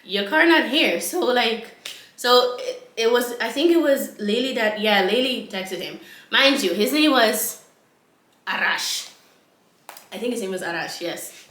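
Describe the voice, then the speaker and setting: Bright, animated woman telling a story. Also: on the high side, a little slow, echoey room. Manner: animated and laughing, repeats lines for effect. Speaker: vlogger. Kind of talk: casual storytime vlog.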